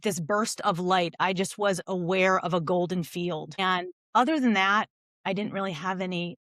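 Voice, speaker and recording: A middle-aged woman speaks from home as a podcast guest. She tells her story in an earnest, reflective way, her voice somewhat low in pitch. The sound is dry and close to the mic. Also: no room sound. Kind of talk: podcast interview.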